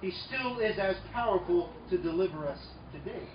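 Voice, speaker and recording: A man preaching a sermon, emphatic, swinging between loud declarations and quiet asides. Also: sits high, animated, moderate pace, noisy background. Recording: echoey room, mic far off, dull sound, faint ambience.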